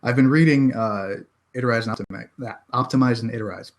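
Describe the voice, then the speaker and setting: American male author, guest on a podcast; halting, wry, conversational. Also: medium pitch. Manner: halting, many restarts and self-deprecating laughs. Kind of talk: casual podcast chat.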